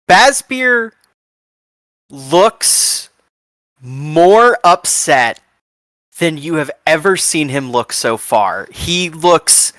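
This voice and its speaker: A player describing their character's actions in a tabletop game with lively, drawn-out delivery. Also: mid-range voice, no echo.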